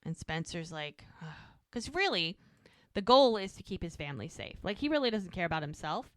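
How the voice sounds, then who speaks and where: Woman, casual podcast chat, animated retelling, bright, dry recording. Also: on the low side, normal speed, dry recording. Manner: animated retelling, acting out characters' lines. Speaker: podcast co-host. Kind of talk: casual chat, recapping a TV episode.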